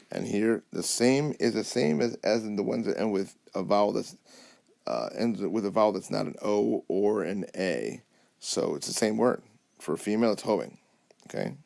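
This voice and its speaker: A man's voice: lowish voice, gravelly, darkish tone. A man teaching a Spanish lesson over a whiteboard app, patiently checking understanding with frequent "okay?" and "alrighty?". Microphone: tablet mic over whiteboard app.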